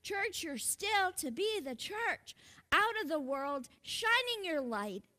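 High, bright-voiced woman preaching slowly. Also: sing-song. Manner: earnest, calls out to the congregation. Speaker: pastor. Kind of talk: sermon.

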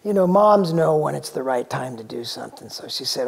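A middle-aged man, a jazz drummer in a documentary interview, reminiscing in a relaxed, rambling way, full of "you know". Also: mid-range voice, a little fast, gravelly. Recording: long hall reverb.

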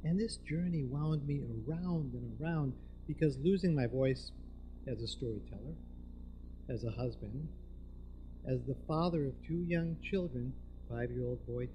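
A man telling a personal story in a live storytelling performance, moving between hushed and emphatic delivery. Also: mid-range voice, measured pace, lo-fi sound, slight background noise. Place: live event venue with audience.

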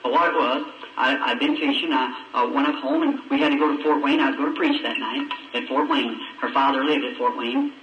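A man's voice: mid-range voice, fairly quick, hardly any pauses, muffled recording, a little hiss or hum. A man preaching in a folksy, emotional storytelling way with plain country grammar, recorded from a distance on an old roomy sermon tape.

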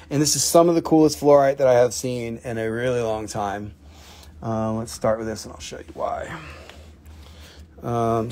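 A man's voice: medium pitch, darkish tone. A middle-aged man hosting a live stream, selling rocks with profane, joking, rambling talk.

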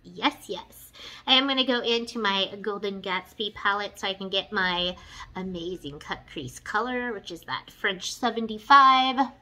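Bright-voiced gushing woman. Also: medium pitch, moderate pace, rough recording. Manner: gushing, excitable, says "you guys" and "y'all". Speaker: beauty vlogger. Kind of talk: casual makeup tutorial chat.

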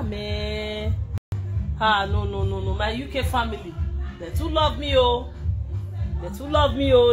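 A young Nigerian woman chatting excitedly to fans on a live video, slipping between English and Pidgin and bursting into shouts and laughter. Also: fairly high pitch. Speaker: social media personality.

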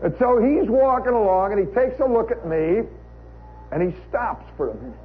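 On a live radio show, an American man whose voice sits high tells a humorous tale at a normal pace with lively intonation. His delivery is wry and chatty, packed with "you know" asides, heard through a tinny 1960s broadcast recording carrying faint hiss.

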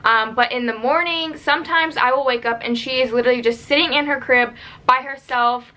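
Young woman, casual advice vlog, rambling chatty delivery, bright, slightly high voice. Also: fairly quick. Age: young adult. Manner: chatty, rambling, many "like" and "um" fillers. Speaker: vlogger giving young mom advice. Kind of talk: casual talking-to-camera advice.

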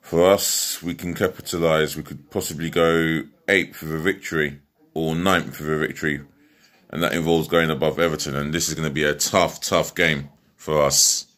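A man chats through a football match preview in a casual home vlog. His voice sits low but carries a bright, forceful edge. He rambles, stops and restarts, and leans on fillers. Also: fairly even intonation, moderate pace. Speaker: football fan vlogger.

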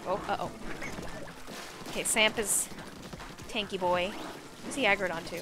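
A woman streaming a game live, chatting casually and reacting excitably to the action. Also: mid-range voice, moderate pace, over loud music. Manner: animated, excitable, squeals and laughs at the game.

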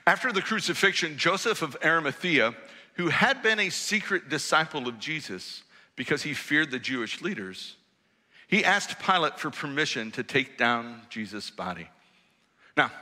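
A man preaching a sermon in a church, telling the story with lively, acted-out quotes. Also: medium pitch, big-room sound. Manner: animated storytelling, acts out quoted voices. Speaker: pastor. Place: church auditorium.

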